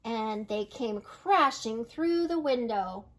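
An older woman reading a storybook aloud to children, gentle and unhurried, slowing on dramatic phrases. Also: fairly high pitch, lively intonation, a little hiss or hum. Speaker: storybook reader.

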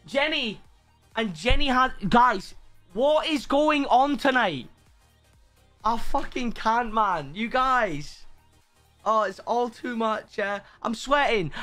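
Male streamer, high voice, emotional and sweary while thanking chat, low music behind. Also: sharp tone. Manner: overwhelmed, swearing, thanking viewers. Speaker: livestream host.

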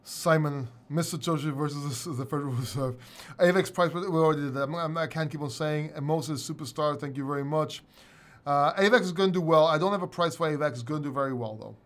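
A man's voice: fairly high pitch, fast. A middle-aged man hosting a casual livestream chat, rambling, swearing and laughing often. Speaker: host.

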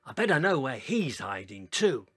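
A man voicing a cheerful, eager young female dinosaur in a storybook reading, talking in a bright, excited way. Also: medium pitch, normal speed, slightly rough.

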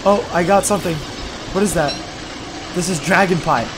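High-voiced young man narrating his gameplay. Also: moderate pace, background noise. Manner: talks to himself, bursts into loud exasperated yelps. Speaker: let's play gamer. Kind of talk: casual gameplay commentary.

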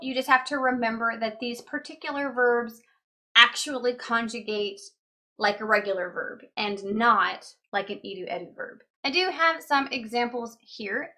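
Bright-voiced woman teaching grammar. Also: fairly high pitch. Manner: chatty, explains with examples and repeats words slowly. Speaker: language teacher. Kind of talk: explaining grammar lesson.

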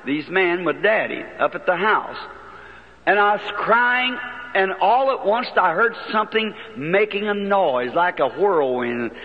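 A man's voice: sits high, lively intonation, measured pace. A man preaching in a large auditorium, telling a childhood story in a folksy, earnest way on an archival recording. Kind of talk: sermon testimony storytelling. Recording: dull archival 1950s sermon recording in a long-echo hall.

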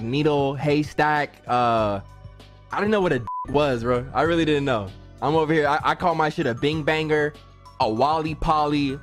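A young man with a slightly high voice riffs through comedic reaction commentary. He talks loose and slangy, tells stories, and bursts into shouted cheers. Faint music plays behind him. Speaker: streamer reacting to cartoons.

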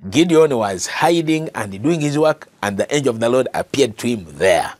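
Man, Ugandan English accent, preacher, earnest sermon delivery, animated pitch, dry close sound. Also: normal speed, dry recording. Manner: earnest, repeats phrases for emphasis; addresses listeners as brother and sister. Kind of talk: Bible teaching sermon.

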